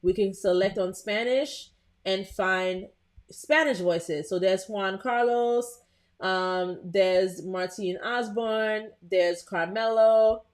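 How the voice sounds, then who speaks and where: A woman's voice: mid-range voice, slow pace. Chatty woman hosting a live tutorial. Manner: chatty, talks to live viewers, frequent "um" and restarts. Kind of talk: casual live screen-share tutorial.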